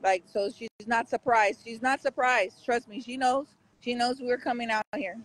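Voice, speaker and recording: A man's voice: very high-pitched, fairly even intonation, moderate pace, a bit bright, rough recording. A man hosting a casual live street-news stream outside a courthouse, rambling and talking straight to his viewers.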